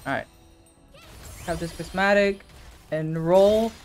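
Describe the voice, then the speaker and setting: A man giving casual live commentary while playing a video game, talking to his viewers and breaking into excited shouts. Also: high-pitched, takes it slowly, faint music behind. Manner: animated, bursts into excited shouts. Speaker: gaming streamer.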